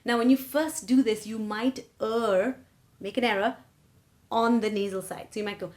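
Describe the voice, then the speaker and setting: Her voice sits a little high and sounds slightly mellow, with fairly even intonation and a normal pace. As a singing teacher giving a lesson, she explains things, checks in with "right?" and "okay?", and follows up by singing short demonstration phrases.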